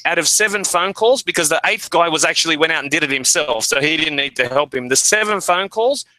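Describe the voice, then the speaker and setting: An animated male guest who drops into the voices of the people he quotes as he tells his stories. His voice sits a little high and sounds strikingly bright and forceful. The recording is close and dry. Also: fairly quick, dry recording, low-quality recording. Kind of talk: energetic storytelling.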